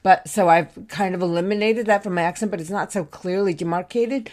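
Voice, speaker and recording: An American woman speaking on a panel discussion, thoughtful but halting, with many ums and restarts. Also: on the low side, darkish tone. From United States. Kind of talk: remote discussion contribution.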